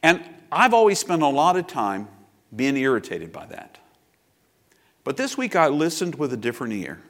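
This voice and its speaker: A man's voice: mid-range voice, huge pitch swings, normal speed. A man in his fifties preaching a sermon as pastor, reflective and confessional, with personal asides.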